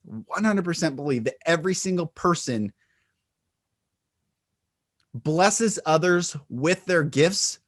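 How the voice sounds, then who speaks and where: A man giving an earnest, inspirational spiritual talk. He shifts his pitch, volume and pace to show how a voice can change a message, and laughs lightly now and then. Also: expressive, slow, pauses often. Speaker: speaker and retreat leader.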